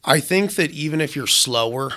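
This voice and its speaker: A man's voice: on the high side, lively intonation, moderate pace, pushed and bright. A young man, a welder, telling blunt, swear-heavy stories in casual podcast chat.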